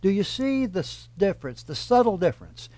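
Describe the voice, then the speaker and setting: A man with a high, light voice preaches a verse-by-verse sermon. He builds his points steadily and leans hard on key words. The sound is dry and close, with no room around it. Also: sing-song, mellow, dry recording. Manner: measured, emphatic teaching delivery. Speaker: pastor.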